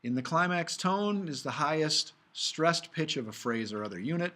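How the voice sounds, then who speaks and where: A man's voice: a little high, expressive, normal speed, pushed and bright. Casual male music theory lecturer. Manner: casual, talks through slides, hums and sings examples. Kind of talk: recorded video lecture.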